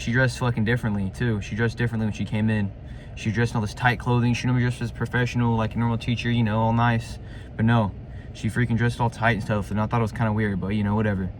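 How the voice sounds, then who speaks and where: A man's voice: mid-range voice, a little hiss or hum. A man telling a personal story in a casual, rambling way, full of slang fillers and swearing.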